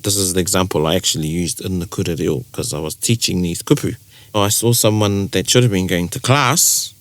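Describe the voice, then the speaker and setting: A man with a New Zealand accent co-presenting a casual podcast, explaining things in a relaxed way with spoken examples. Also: deep voice, brisk, dry recording.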